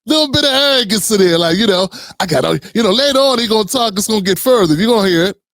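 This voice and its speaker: A man's voice: high voice, lively intonation, fast talker, fairly bright tone, no echo, studio quality. A man hosting a reaction commentary show, blunt and sarcastic, talking straight to his viewers. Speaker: commentary host.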